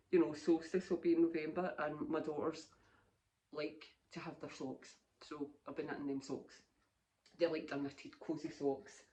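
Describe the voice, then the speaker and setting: A woman's voice: low-pitched, darkish tone. A woman in her fifties with a Scottish accent, hosting a knitting podcast in a chatty, rambling way and laughing often. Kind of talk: casual chat.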